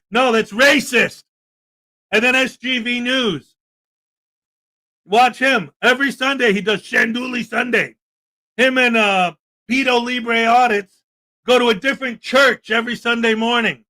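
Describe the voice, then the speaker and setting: A man's voice: very high-pitched, fairly even intonation, unhurried, pushed and bright. A man hosting a livestream, delivering sarcastic, indignant commentary and firing back at chat comments. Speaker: livestream host.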